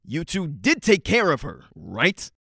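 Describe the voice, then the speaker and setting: An actor playing a gruff, argumentative male teammate. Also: a little high, huge pitch swings, a little slow, fairly bright tone, dry recording, studio quality, heavily acted. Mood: testy.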